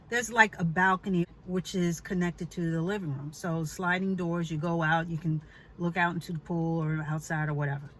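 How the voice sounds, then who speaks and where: A woman's voice: fairly low pitch, a bit bright, slight background noise, rough recording. A woman telling a personal story in a chatty, emphatic way, with pointed asides to the listener. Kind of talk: casual storytelling vlog.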